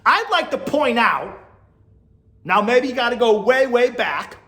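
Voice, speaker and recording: A man's voice: very high voice, animated, measured pace, bright, forceful tone, reverberant. A man hosting a podcast, giving blunt, exasperated commentary and laughing often. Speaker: podcast host. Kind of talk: casual opinion commentary.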